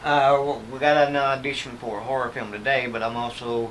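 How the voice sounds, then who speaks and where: A man's voice: medium pitch, little pitch movement, fairly quick, fairly bright tone, slight background noise, rough recording. A man from Oklahoma with an Oklahoma accent, an actor guest telling folksy stories in a casual interview. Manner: folksy, chuckling storyteller.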